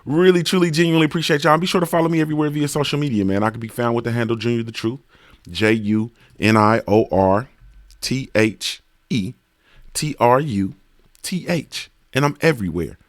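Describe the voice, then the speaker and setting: A man's voice: medium pitch, fairly quick, no room sound, clean studio sound. A man hosting a casual livestream, greeting viewers by name in a laid-back, slangy, sing-song way. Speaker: livestream host.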